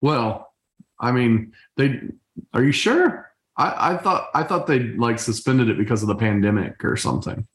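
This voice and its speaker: A middle-aged man co-hosts a podcast over a video call, chatting casually in a playful, joking, stop-and-start way. His voice is medium-pitched and very animated at a moderate pace, with roomy echo on the call.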